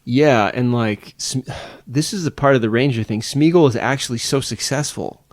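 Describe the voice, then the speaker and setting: A man's voice: mid-range voice, moderate pace, no echo. A man co-hosting a podcast in casual chat, rambling and searching for words with many restarts. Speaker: podcast co-host.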